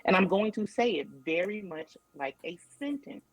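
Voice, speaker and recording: A woman's voice: mid-range voice, big pitch swings, normal speed, no room sound, rough recording. A woman guest, a yoga teacher, speaking emphatically and directly in a casual chat. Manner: emphatic and direct, spells out firm boundaries.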